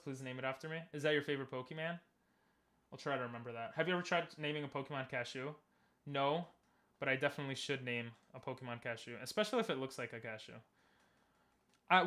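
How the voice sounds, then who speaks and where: Chatty and full of jokes, a young male streamer talks to chat while offering casual commentary on his game, his voice pitched fairly high with a fairly bright tone.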